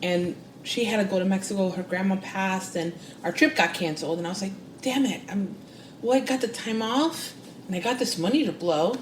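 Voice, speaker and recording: A psychic and spiritual coach, guesting on a podcast, tells a personal story with lively, expressive delivery, acting out the voices she quotes with big pitch jumps. She speaks fairly quickly, and the audio is reverberant with slight background noise.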